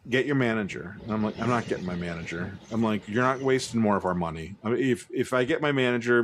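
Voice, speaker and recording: A man with a fairly low voice tells a story in casual podcast chat, acting out both sides of an argument. He swears now and then in an easygoing way. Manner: animated anecdote-telling, acts out both sides of the exchange. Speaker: podcast co-host.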